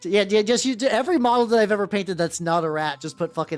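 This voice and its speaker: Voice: mid-range voice, steady tone, fast talker, few pauses. A streamer from the United States chatting casually while painting miniatures, rambling and swearing often. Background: faint background music.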